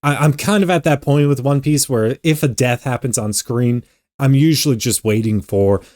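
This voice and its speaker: A young man hosting an anime reaction video, talking casually with animated exclamations and stammered repeats. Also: medium pitch, moderate pace.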